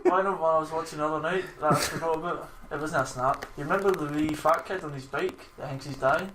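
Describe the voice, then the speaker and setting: A man's voice: fairly high pitch, fast talker, noisy background. A young man, co-hosting a podcast, who tells stories in a laid-back, sweary way. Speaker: podcast co-host. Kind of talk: casual chat. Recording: echoey room with faint ambience.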